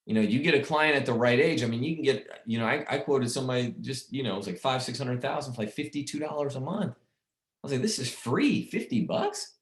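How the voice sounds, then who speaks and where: A man's voice: medium pitch, fast talker, reverberant. A man casually coaching insurance agents on sales calls, rambling and repeating himself as he talks. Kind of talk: casual sales training talk.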